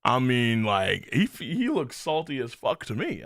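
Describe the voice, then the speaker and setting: A man streaming a live manga reaction, talking in an animated, profane way with lots of laughing asides. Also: medium pitch, moderate pace, creaky, no echo, clean studio sound.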